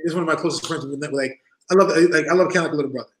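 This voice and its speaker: A man's voice: on the high side, very fast. A man guest, a former wrestler, telling casual stories and acting out the people in them, at a convention venue. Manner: animated, acts out the people in his stories. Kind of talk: casual storytelling. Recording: roomy echo.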